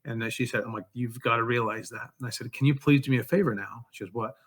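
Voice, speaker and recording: An earnest man tells his story in a relaxed interview. His voice is bright and forceful, sitting at an everyday pitch. He speaks heartfelt and sincere throughout. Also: fast. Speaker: author and songwriter guest.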